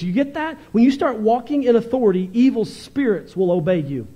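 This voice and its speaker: A male pastor preaching with fervent, animated energy, often swinging from loud bursts to quiet stretches. His voice sits very high for a man. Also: brisk, few pauses. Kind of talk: sermon.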